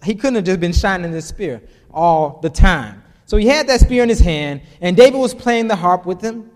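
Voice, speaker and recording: A man's voice: high voice, animated, moderate pace, a little mellow, in a large hall. A man preaching a casual sermon, reading scripture aloud and adding chuckling, conversational asides.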